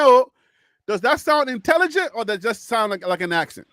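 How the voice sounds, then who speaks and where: A high-pitched man from Africa runs the panel on a remote call. He sounds animated, laughs easily and steers the chat. His voice is dry and close, with no room around it. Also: fairly quick, dry recording. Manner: animated, laughs often, cuts in. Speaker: host.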